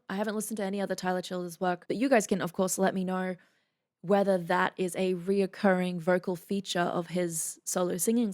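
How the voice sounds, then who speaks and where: A woman voice coach giving a casual reaction commentary. She is friendly and explains vocal technique in analytical detail. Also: lowish voice.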